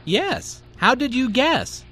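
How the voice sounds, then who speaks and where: Friendly everyday man, high and lively, clear polite lines, as a man reads the part for an English lesson. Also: slow pace, exaggerated voice. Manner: clear, polite, conversational delivery. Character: friendly adult man in a scripted textbook dialogue. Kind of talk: scripted dialogue for English learners.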